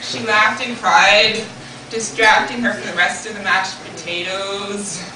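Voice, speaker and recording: A woman hosting a comedy show who delivers deadpan one-liners and introduces the next comic. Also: mid-range voice, unhurried. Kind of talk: stand-up set. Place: comedy club stage. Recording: echoey room from far off, background noise.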